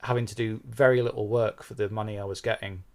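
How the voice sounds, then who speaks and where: A man, a podcast host and bass player, talking frankly and self-deprecatingly about his own life in an interview, swearing casually. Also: steady tone, quick pace, gravelly. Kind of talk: candid conversational interview.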